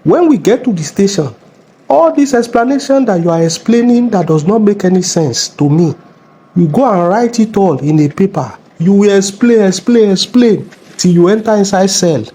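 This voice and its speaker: A man's voice: sits high, lively intonation, normal speed, warm tone, slightly rough. A man with a Nigerian accent playing a bossy, mocking middle-aged police officer in a comedy skit. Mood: scolding. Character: bullying middle-aged male traffic cop.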